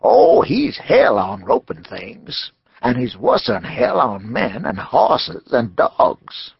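Casting: blunt old plains veteran, folksy frontier drawl, gravelly, slow, put on by a male narrator. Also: mid-range voice, huge pitch swings, dull audio, voice pushed up, exaggerated voice. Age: older.

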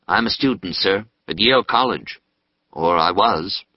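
A man's voice: sits low, a little slow, no room sound, lo-fi sound. Man as a terse young male student. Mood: guarded. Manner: clipped, guarded.

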